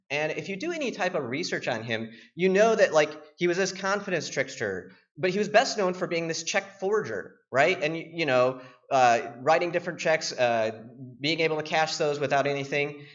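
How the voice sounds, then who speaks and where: A young man giving a casual, joking conference talk as a penetration tester, telling anecdotes in an animated way. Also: fairly high pitch. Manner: animated, joking, acts out voices. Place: conference room. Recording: dull lo-fi conference recording.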